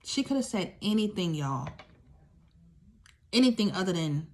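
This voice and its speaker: A woman's voice: lowish voice, sing-song, unhurried, a little mellow. A young woman, a survivor of domestic violence, tells her story to listeners in candid, emphatic talk, repeating key phrases and speaking straight to them.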